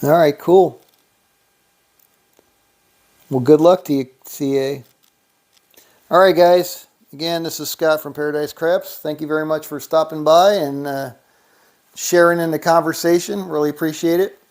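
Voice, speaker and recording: A man hosting a casual livestream, counting out money and reading viewer comments aloud in a relaxed, thinking-aloud way. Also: fairly high pitch, a little slow, long pauses. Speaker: livestream host. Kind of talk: casual live-stream chat.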